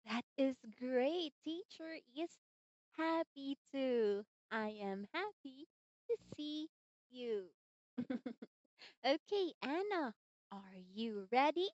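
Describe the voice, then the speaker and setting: A young woman teaching English online to a child, slow, sing-song and encouraging, on a dull lo-fi call mic. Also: sits high, lively intonation, a little mellow, no echo. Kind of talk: demo lesson for a young learner. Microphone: computer mic on a video-call platform. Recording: dull, dry lo-fi call audio.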